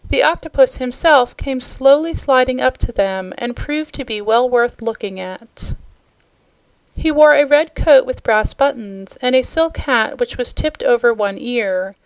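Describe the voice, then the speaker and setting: A woman narrating a children's storybook aloud in a steady, expressive way. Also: high voice, unhurried, vocal fry, no room sound. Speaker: storybook reader.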